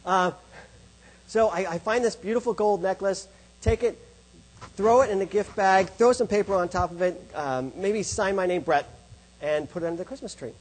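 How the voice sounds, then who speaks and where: Husky high-voiced man speaking to an audience. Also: moderate pace, low-quality recording. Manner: asks and answers rhetorical questions. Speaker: speaker on love and faith. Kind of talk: presentation to an audience.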